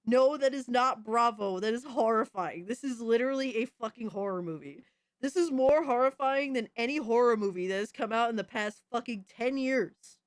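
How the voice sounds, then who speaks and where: A woman streaming live, reacting to viewer videos with loud, exasperated, profane commentary and frequent shouts of disbelief. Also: a little high, normal speed, dry recording. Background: music.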